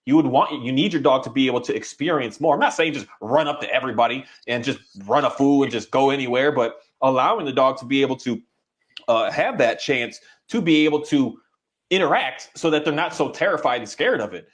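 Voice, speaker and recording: A man's voice: mid-range voice, expressive, fairly quick. A man who trains dogs, talking casually and rambling, with many restarts and little voices acted out for dogs. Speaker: dog trainer. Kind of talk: casual conversation.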